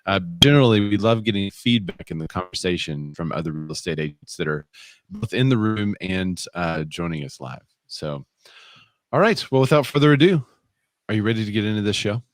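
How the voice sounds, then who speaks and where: A man's voice: fairly low pitch, big pitch swings, a little fast, dry recording. A man co-hosting a live real estate show, chatting casually and reading viewer comments aloud. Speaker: podcast co-host.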